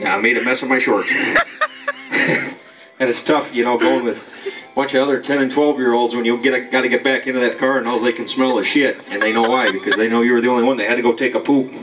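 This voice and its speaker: A man doing an improvised amateur stand-up routine at home, rambling and chuckling at his own jokes. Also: medium pitch. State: out of breath near the end. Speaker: amateur comedian. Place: home basement. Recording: distant mic, noisy basement.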